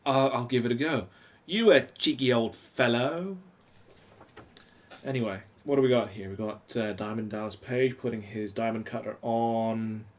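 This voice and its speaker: A man's voice: lowish voice, steady tone, normal speed, few pauses, a little mellow. Rambling man chatting on a live stream. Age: 40s. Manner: rambling, reads old magazines aloud and chats to viewers. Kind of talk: casual live-stream chat. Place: at home.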